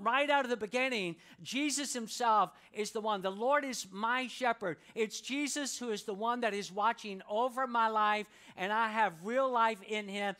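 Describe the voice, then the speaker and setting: Male pastor, high bright voice, slow and emphatic when reading scripture. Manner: preaching with congregation call-and-response, slows to read scripture. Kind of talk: sermon. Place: church sanctuary.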